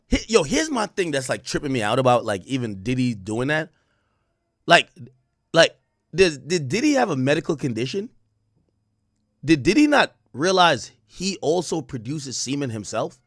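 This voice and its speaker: A man hosting a stream, reading court testimony aloud and reacting with profane, animated commentary. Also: on the high side, no room sound, studio quality. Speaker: streamer host.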